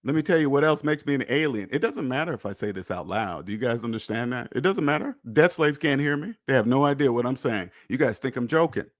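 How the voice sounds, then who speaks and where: A man hosting a personal finance podcast in an emphatic, preachy monologue, repeating points and swearing, swinging between loud jabs and low muttered asides. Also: animated, fast, few pauses. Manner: emphatic, preachy, repetitive, with profanity. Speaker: podcast host.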